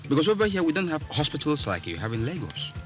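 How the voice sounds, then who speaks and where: An actor playing a jovial, chatty village man with a Nigerian accent, who is boastful and quick to laugh. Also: on the high side, sing-song. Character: jovial village man, self-styled man of peace. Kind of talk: film drama acting. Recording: dull lo-fi film sound with music.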